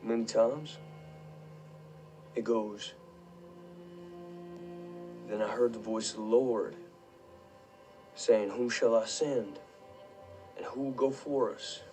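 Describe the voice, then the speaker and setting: An actor plays a solemn man quoting scripture to his men in a film scene. He speaks slowly and gravely, in a mid-pitched voice, with faint music beneath. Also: fairly even intonation, mellow, lightly acted. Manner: slow, grave, measured.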